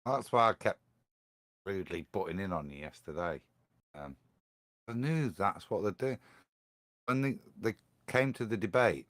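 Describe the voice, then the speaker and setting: A man on a live-stream panel chatting in a rambling, animated way. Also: on the low side, normal speed, pauses often, no echo, clean studio sound. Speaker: panel guest.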